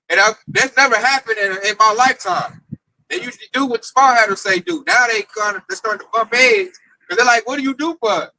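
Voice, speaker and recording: Male camp teacher, high-pitched and bright, animated storyteller. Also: creaky, slight background noise, poor audio. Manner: excitable, storytelling with quoted voices. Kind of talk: informal religious teaching.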